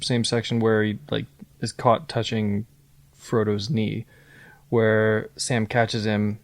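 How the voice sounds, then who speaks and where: Man, podcast co-host, gravelly voice, easygoing chat, dry sound. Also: fairly low pitch, little pitch movement, slow pace, no echo. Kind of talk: casual chat.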